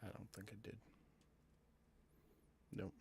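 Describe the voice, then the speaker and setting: A man narrating as game master of a tabletop game, calmly describing the scene. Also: slow pace, a little hiss or hum. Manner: calm, descriptive scene-setting.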